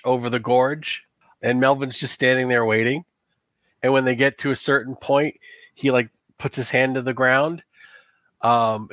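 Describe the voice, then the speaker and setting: A man's voice: mid-range voice, fairly bright tone, no room sound. A man narrating a tabletop game as game master in a casual, rambling way, with lots of "like" and "um.".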